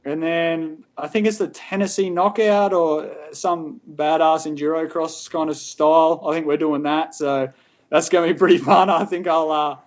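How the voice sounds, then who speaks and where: Easygoing Australian young man, higher voice. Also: steady tone, normal speed. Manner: easygoing, laughs often. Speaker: guest racer. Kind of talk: casual podcast chat.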